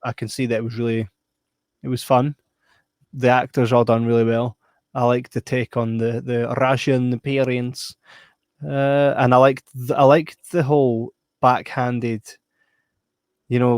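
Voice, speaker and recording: A man's voice: mid-range voice, little pitch movement, unhurried, no room sound, studio quality. A Scottish man co-hosting a podcast, giving laid-back, blunt and playful opinions on a film. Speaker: podcast co-host. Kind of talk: casual film review chat.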